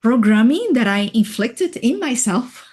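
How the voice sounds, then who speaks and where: Slow, reflective woman telling her story. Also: fairly high pitch, big pitch swings, a little mellow, slightly rough. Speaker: interview guest, healing coach. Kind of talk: personal storytelling in a radio interview.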